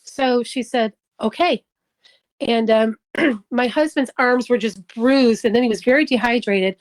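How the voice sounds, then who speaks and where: A middle-aged woman gives an emotional personal testimony in an interview, acting out the dialogue as she tells it. Her voice is fairly high, her pace measured. The recording quality is low.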